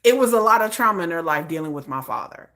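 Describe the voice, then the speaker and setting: A woman live-streaming to her viewers, telling family stories in a casual, animated way. Her voice sits a little low but sounds bright and forward, and her pitch swings widely. She laughs often and restarts phrases as she goes. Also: fast talker.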